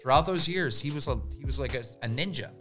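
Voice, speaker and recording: A man's voice: medium pitch, animated, fast, pushed and bright, faint music behind. A man telling a story on a podcast in casual chat. He swears freely and acts out the people he quotes.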